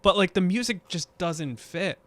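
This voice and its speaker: A man co-hosting a casual film podcast, animated and swearing freely. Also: high voice, normal speed, no room sound. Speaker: podcast co-host.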